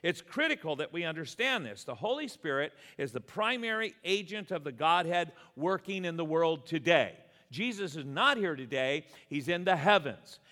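A man preaching a sermon to his church, animated and joking, acting out little quoted exchanges. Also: fairly high pitch, moderate pace, hardly any pauses. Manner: animated, jokey asides with acted quotes. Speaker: pastor. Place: church sanctuary. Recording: long hall reverb.

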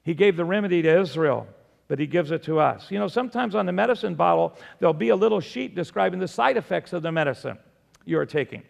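An older man preaching a sermon as pastor, emphatic, swinging between loud declarations and soft appeals. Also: high voice, expressive, quick pace, vocal fry, long reverb tail.

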